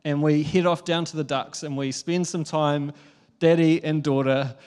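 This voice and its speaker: A young New man preaching a sermon, telling a family story in a lively, chatty way with frequent laughs. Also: on the high side, normal speed, clear, resonant tone. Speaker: pastor.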